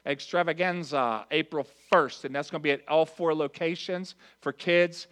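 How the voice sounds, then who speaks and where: A man with a somewhat high-pitched voice reads out church announcements to his congregation. He keeps it earnest and conversational, speaking straight to the people in front of him. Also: normal speed, a bit bright. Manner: earnest and conversational, addressing the crowd directly. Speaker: pastor.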